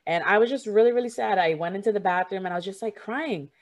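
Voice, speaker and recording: A woman's voice: mid-range voice, quick pace. A young woman telling a long personal story in casual conversation, rambling and full of fillers, often quoting what others said to her.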